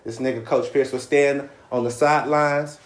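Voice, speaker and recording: A man telling a long story in casual podcast chat, profane and animated, slipping into voices for other people. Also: medium pitch, moderate pace. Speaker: podcast co-host. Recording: echoey room.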